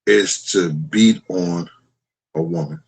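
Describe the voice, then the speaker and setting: A middle-aged man with a lowish voice hosts a livestream and talks straight to his chat. He speaks bluntly and swears freely in a casual, conversational way. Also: slow, creaky, darkish tone, rough recording. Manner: blunt, profane storytelling. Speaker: livestream host.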